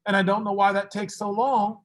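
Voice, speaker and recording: A man teaching a math class, brisk and teasing, fussing at students and then reassuring them. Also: high voice, level tone.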